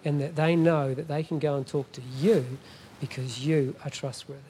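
A man's voice: a little high, steady tone, moderate pace, dark tone, a little hiss or hum. A middle-aged man preaching a sermon as a guest pastor, emphatic and often asking the congregation "Amen?".

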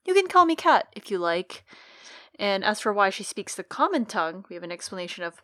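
A woman co-hosting a casual book podcast, recapping chapters conversationally and dropping into quick character voices. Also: medium pitch, very animated, sharp tone, no room sound. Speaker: podcast co-host.

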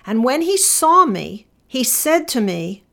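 Middle-aged woman, attorney type, deliberate storyteller, voice sits a little high. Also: sing-song, gravelly, fairly bright tone. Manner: measured, deliberate, slowing for emphasis. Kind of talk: personal storytelling and reflection.

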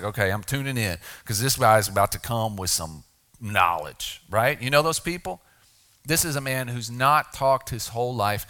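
Preaching easily and conversationally, this middle-aged pastor has a medium pitch and a bright, forward tone. His key points land with a shift to a quieter, more deliberate delivery.

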